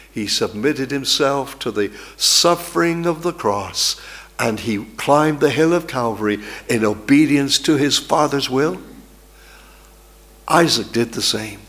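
A man's voice: a little high, a bit bright. A male preacher giving an emphatic sermon with dramatic storytelling.

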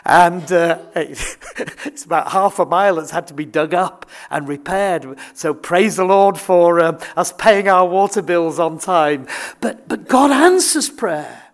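A man's voice: high-pitched, animated, unhurried. A man, preaching a sermon in an earnest, emphatic way, often restarting his words. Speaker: visiting preacher.

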